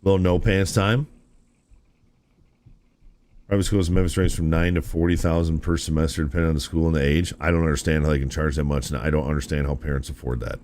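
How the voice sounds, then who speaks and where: A man's voice: a bass voice, fairly even intonation, fast talker, a little mellow. A man streaming a video game, chatting casually and musing aloud to his viewers, often calling them "dude". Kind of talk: casual live-stream gameplay chat.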